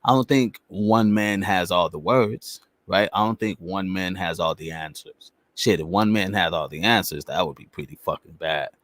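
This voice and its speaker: A man's voice: low-pitched, normal speed, hardly any pauses, a bit bright, no echo. A man hosting a podcast in loose, casual chat, swearing freely and often checking in with the listener. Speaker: podcast host.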